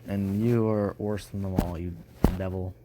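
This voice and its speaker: A man's voice: low voice, steady tone, a little slow, heavy background noise. A man voicing a hostile, suspicious human king who gives blunt orders. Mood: commanding.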